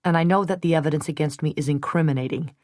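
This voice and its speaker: Brief: hot-tempered thirtysomething man, voiced by a female narrator, blunt, forceful, dry close read. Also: low voice, fast talker, dry recording, lightly acted. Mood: calm, wry. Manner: blunt, forceful, sometimes scornful. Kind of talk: audiobook character reading.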